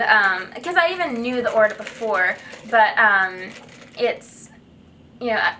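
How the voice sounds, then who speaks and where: A woman's voice: mid-range voice, bright, forceful tone, recorded from a distance, a little hiss or hum. A young woman telling a story in a casual vlog, chatty and giggly with lots of fillers. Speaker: vlogger.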